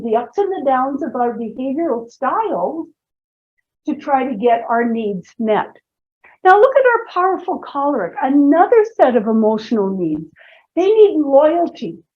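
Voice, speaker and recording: A woman with a bright, high voice leads a seminar, weaving playful personal anecdotes into her teaching and tossing asides to the audience. The recording sounds dull and lo-fi. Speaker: presenter and personality trainer. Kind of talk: humorous storytelling seminar talk.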